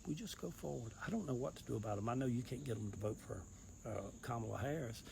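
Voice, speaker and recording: Gravelly Southern man, earnest and folksy. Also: mid-range voice, lively intonation, fast talker, background noise. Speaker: political campaigner. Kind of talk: casual monologue.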